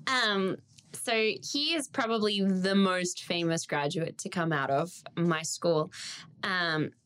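A woman's voice: lowish voice, takes it slowly, a bit bright. A young Australian woman whose accent drifts toward American, chatting as a guest and telling stories with frequent laughs. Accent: Australian, partly Americanized. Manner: chatty storyteller, laughs often. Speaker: guest, stage performer. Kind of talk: casual interview chat.

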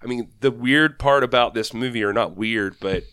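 A man's voice: medium pitch, normal speed, a bit bright, clear, resonant tone, no room sound, clean studio sound. A man co-hosting a casual film talk in an easygoing, agreeable way. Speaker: podcast co-host.

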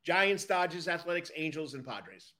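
A man's voice: on the high side, big pitch swings, moderate pace, sharp tone. A man co-hosting a baseball podcast, chatting casually and moving the talk along. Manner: upbeat, steers the talk along. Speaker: podcast co-host. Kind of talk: casual sports chat.

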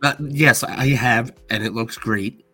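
A man co-hosting a podcast in casual chat, an animated storyteller who acts out quotes. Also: mid-range voice, unhurried, slightly rough, faint music behind. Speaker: podcast co-host.

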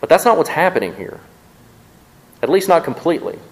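A male pastor preaching a sermon in a church, speaking conversationally to his congregation and often repeating words quickly as he thinks aloud. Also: a little high, very animated, vocal fry, low-quality recording.

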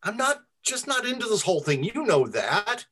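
Storyteller doing a grumpy tired blacksmith guy, gruff and snappy. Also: medium pitch, sing-song, normal speed, a bit bright, voice pushed up. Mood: grumbling. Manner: gruff, grumbling. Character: weary grumbling male village blacksmith. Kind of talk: storytelling reading among friends.

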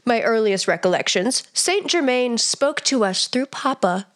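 A woman's voice: fairly high pitch, animated, a little slow. A female podcast co-host chatting casually and bluntly, swearing freely and joking. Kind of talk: casual chat.

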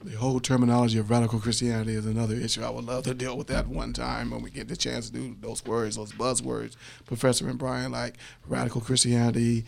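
A man hosting a radio talk show, reading out phone numbers and addresses slowly and with care. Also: mid-range voice, level tone, creaky.

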